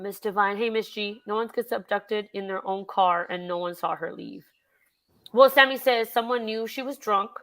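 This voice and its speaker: Woman, livestream host, slightly high voice, casual true-crime chat, swears, reads chat. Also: a bit bright.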